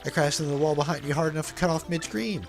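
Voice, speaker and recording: A man's voice: on the high side, rapid-fire, over music, close to an everyday voice. A man voicing a laid-back young man telling a long adventure story in casual slang for a video game dub. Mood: storytelling. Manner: casual slangy storytelling, says bro a lot.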